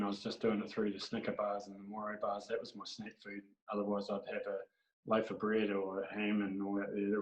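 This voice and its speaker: A man with an Australian accent, a podcast guest telling rambling, animated anecdotes in casual storytelling. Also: fairly low pitch. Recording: dull, echoey room recording.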